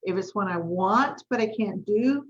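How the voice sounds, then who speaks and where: A woman's voice: mid-range voice, animated, a little slow, muffled recording. A woman, hosting a coaching talk and chatting through a story in a casual, friendly way. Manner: chatty, storytelling, says y'all. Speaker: life coach and host. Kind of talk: casual live-stream talk.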